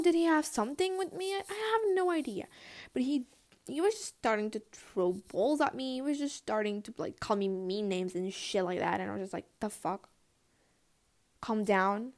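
A teenage girl telling casual storytime anecdotes, chatty and quick to swear and laugh, with lots of "like". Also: fairly high pitch, darkish tone. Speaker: vlogger.

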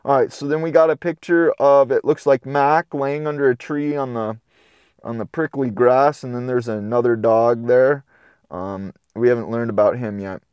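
A man's voice: mid-range voice, fairly even intonation, normal speed, clear, resonant tone, dry recording, muffled recording. A man reading a children's storybook aloud, breaking off for chatty, playful commentary. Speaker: storybook reader. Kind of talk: casual read-aloud with commentary.

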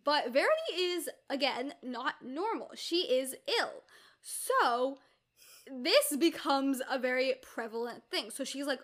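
A woman's voice: sits high, a little slow. A young woman chatting casually about a novel, emphatic and opinionated, with frequent "like". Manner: animated, emphatic commentary with filler "like". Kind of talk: casual chat discussing a novel.

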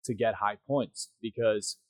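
A man's voice: on the low side, fairly even intonation, a little slow, no room sound, low-quality recording. Casual male podcast co-host, dry sound. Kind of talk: casual chat.

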